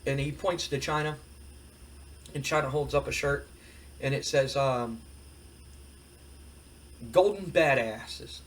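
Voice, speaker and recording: A man's voice: mid-range voice, level tone, normal speed, long pauses, fairly bright tone, slight background noise. A man hosting a let's-play, casually recapping what happens and slipping into quoted dialogue as he retells it. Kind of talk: casual game commentary.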